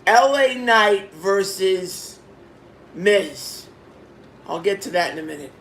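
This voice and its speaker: Excitable high-voiced man reviewing. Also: takes it slowly. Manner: excitable, repeats himself, bursts into exclamations. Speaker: wrestling show reviewer. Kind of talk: casual video review.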